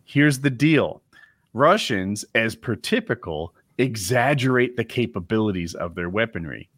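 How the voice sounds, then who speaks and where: Low-pitched man, lively swinging intonation, opinionated casual podcast chat, dry close sound. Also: measured pace, dry recording. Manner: opinionated, explains with emphatic asides. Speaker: podcast co-host.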